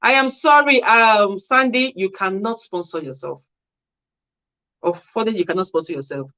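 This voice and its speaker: A woman's voice: medium pitch, normal speed, bright, forceful tone. Female host of a casual livestream Q&A, reading viewer comments and giving friendly practical answers; dull, lo-fi audio. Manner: reads viewer comments aloud and answers with chatty advice. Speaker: care worker hosting a Q&A livestream.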